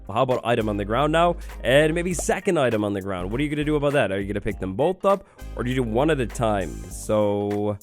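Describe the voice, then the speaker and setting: Excitable man doing gameplay commentary. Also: medium pitch. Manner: excitable, upbeat, talks to the game creature. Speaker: gaming video host.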